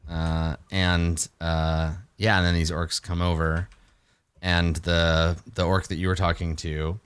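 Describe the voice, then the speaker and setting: Animated male game master. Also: low-pitched, takes it slowly, clear, resonant tone, no room sound. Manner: animated, jokey, many fillers. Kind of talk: narrating a tabletop game.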